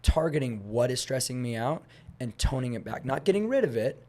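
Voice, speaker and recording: A young man talking as a guest on a podcast, animated as he tells stories and acts out conversations, rambling a little with restarts. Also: medium pitch, brisk. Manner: animated storyteller, acts out dialogue; rambling with frequent restarts and fillers. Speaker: guest, fitness instructor.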